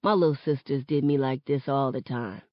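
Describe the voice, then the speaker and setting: A woman reading the part of an easygoing teenage boy who talks in relaxed slang, on a dull lo-fi recording. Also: sits low, normal speed, no echo, lightly acted.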